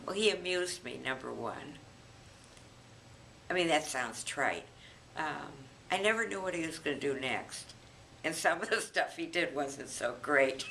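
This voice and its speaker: An elderly woman in her eighties, recounting family memories in an unhurried, reminiscing way as a grandmother being interviewed. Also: sits low, vocal fry, a bit bright, a little hiss or hum, low-quality recording. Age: 80s. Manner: reminiscing, unhurried, chuckles often.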